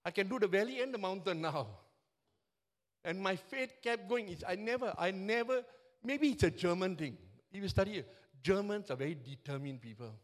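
High-voiced passionate Singaporean preacher in his seventies. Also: lively intonation, moderate pace. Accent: Singaporean English. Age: 70s. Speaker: pastor. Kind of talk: sermon.

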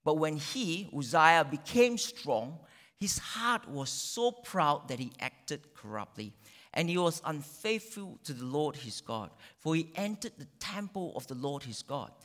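A male pastor preaching a sermon, dramatic, with sudden loud peaks and drawn-out phrases. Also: on the high side, animated. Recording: long reverb of a large hall.

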